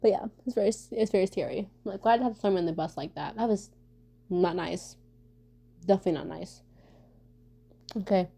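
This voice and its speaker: A woman vlogging casually for her viewers, talking fast and stumbling over her words, with lots of fillers and restarts. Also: mid-range voice, creaky, slightly rough. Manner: fast talker who stumbles and stutters; many fillers and restarts, animated storytelling. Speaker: vlogger answering viewer questions. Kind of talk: casual rambling chat.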